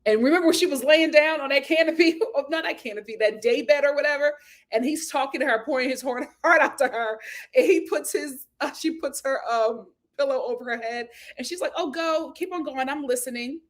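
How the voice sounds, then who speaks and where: A woman host giving a casual, gossipy recap of a reality show, animated and laughing often as she acts out what people said. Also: high-pitched, brisk.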